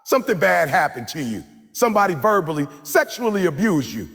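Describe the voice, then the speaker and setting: A man with a fairly high, animated voice delivers a live motivational speech in a large hall. He preaches and drives the crowd through repeated call-and-response chants. His voice rings out with a long reverb over faint background music. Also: fairly quick, creaky, slightly rough. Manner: forceful, repetitive exhortation. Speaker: motivational speaker.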